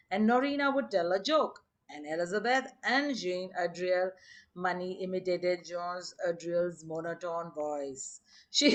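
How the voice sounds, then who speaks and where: A woman's voice: mid-range voice, fairly bright tone. A woman reading anecdotes aloud on a video call, laughing often and acting out the quotes. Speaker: storyteller on a group video call.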